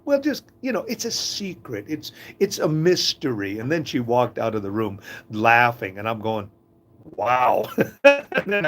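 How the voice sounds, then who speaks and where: An older man from Canada telling warm family anecdotes in a casual, chuckling monologue. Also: mid-range voice. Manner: chuckling, folksy, lively storyteller. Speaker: host of a short inspirational talk.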